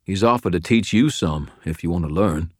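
A man voicing a gruff, folksy old male wizard mentor who talks bluntly and with a slow drawl, in an audiobook reading. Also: sits low, a little mellow, no room sound, studio quality. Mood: firm. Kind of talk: audiobook character voice.

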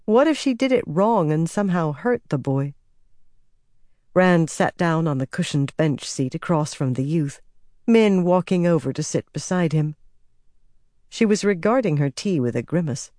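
A woman with a low-sitting voice reads fantasy narration for an audiobook. Her delivery is steady and measured, her tone mellow and dark. The sound is dry and close-miked, without any echo.

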